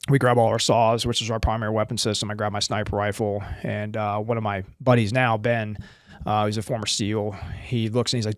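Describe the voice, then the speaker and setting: A man's voice: lowish voice, no echo, clean studio sound. A middle-aged American man, a former Marine guest, telling a combat story in a casual interview and acting out the dialogue. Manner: animated, acts out dialogue in quick bursts.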